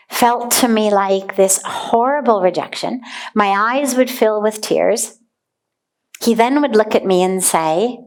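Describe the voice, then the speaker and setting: A woman with a mid-range voice gives a spiritual talk as a teacher. She speaks deliberately and earnestly, lingering on single words.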